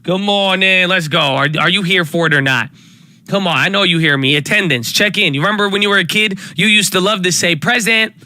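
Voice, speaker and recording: A high-pitched man talks fairly fast, with no echo, as he hosts a live stock trading stream. Energetic and full of hype, he chats casually and keeps repeating phrases to fire up his audience.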